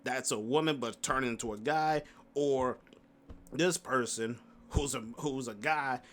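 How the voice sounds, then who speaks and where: A man's voice: mid-range voice, measured pace, fairly bright tone. A man giving a loose, slangy commentary recap of a livestream, laughing often and rambling through fillers and restarts. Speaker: commentary YouTuber. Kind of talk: casual stream recap commentary.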